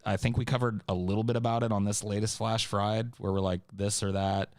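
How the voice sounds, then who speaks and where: A deep-voiced man from Central California with a California accent and a faint Southern tinge, answering listener questions on his podcast. He rambles and swears bluntly in a fairly monotone delivery, recorded dry and close. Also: gravelly, no room sound. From Central California, USA. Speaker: podcast host. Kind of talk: casual podcast Q&A.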